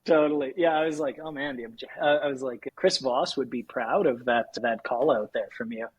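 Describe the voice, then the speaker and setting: A Canadian man talking about sales on a podcast, energetic and laughing often, acting out cold calls. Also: mid-range voice, normal speed, breathy edge, dry recording, highs cut off. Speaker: podcast guest, sales executive. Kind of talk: casual podcast conversation.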